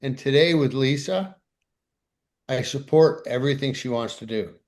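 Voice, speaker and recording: A man's voice: medium pitch, moderate pace, darkish tone. A man co-hosting a podcast, telling a candid, self-deprecating story in casual conversation. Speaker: podcast co-host.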